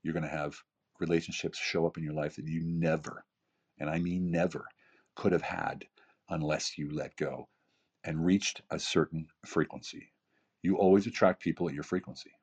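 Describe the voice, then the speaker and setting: A man in his fifties with a very deep, husky voice talks casually but emphatically as a podcast guest. He hammers points home with rhetorical questions and repetition. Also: fairly even intonation, moderate pace, darkish tone. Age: 50s. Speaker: podcast guest, keynote speaker and author. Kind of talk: casual motivational talk.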